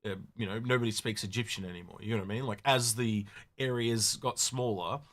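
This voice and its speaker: A man co-hosting a casual podcast, rambling and animated with many restarts. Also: on the low side, a little fast. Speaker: podcast co-host. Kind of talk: casual chat.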